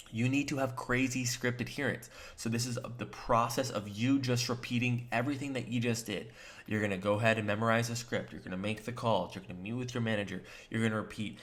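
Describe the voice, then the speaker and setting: A man's voice: medium pitch, a bit bright. A man giving a motivational coaching talk to new sales agents. He speaks in an emphatic, direct way, addresses the listener straight on, and acts out short quoted lines with shifts in tone. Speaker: sales trainer and agency co-founder.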